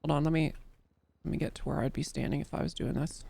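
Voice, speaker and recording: A woman's voice: low-pitched, fairly even intonation, fast talker, vocal fry, dark tone. A woman testifying in character as an undersheriff during a role-play court case, telling her account in a loose, rambling way full of restarts and fillers.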